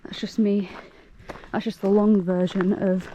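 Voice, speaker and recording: A woman's voice: mid-range voice, level tone, unhurried, warm tone, a little hiss or hum. A young woman chatting casually to camera as a hiking vlogger outdoors, rambling and laughing often.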